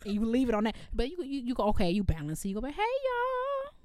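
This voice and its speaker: A woman, co-hosting a casual chat and telling animated stories as a former music teacher. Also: fairly high pitch, rapid-fire, no echo, studio quality. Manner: animated storytelling, quoting herself.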